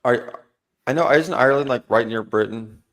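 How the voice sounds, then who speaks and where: Man hosting a stream debate, talks in loose rambling starts and stops, mid-pitched. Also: moderate pace. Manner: rambling, restarts his sentences constantly. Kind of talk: live-stream debate banter.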